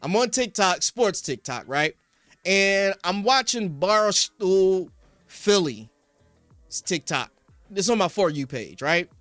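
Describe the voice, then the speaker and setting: Young male Philly sports host, high, bright voice, rambling chat replies, flares into rants, dry close mic. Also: big pitch swings, slow pace, dry recording, faint music behind. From Philadelphia. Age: young adult. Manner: rambling, reads chat names, rises to heated rants. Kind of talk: casual sports talk to live chat. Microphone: studio podcast mic.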